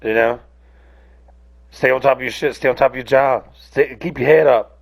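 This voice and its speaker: A man's voice: mid-range voice, steady tone, moderate pace, vocal fry. A man hosting a casual solo rant podcast, rambling and cursing freely, often breaking off mid-sentence. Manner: rambling, profane, self-interrupting. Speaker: podcast host.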